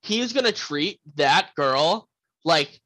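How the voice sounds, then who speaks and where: Young male podcast host, animated and casual, fairly high voice, dry mic. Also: slow pace, breathy edge, no echo, low-quality recording. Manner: animated, swears freely, acts out movie lines. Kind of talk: casual film review chat.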